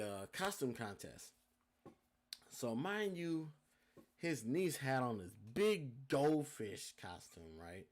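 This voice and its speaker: A young man hosting a podcast, telling a story casually with lots of swearing and talking straight to his listeners. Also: fairly low pitch. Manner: animated, profane, addresses listeners as y'all. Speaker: podcast host.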